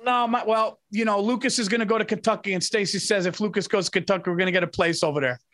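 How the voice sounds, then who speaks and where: A man with a notably high speaking voice co-hosting a podcast. He talks in an excitable, rambling way, piling up plans and swearing freely in casual chat. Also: fast talker. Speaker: podcast co-host.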